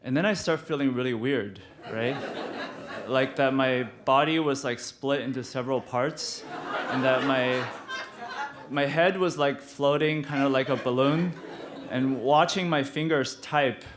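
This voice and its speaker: A man telling a personal story live, halting and restarting often, with frequent laughter in his voice. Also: mid-range voice, background noise.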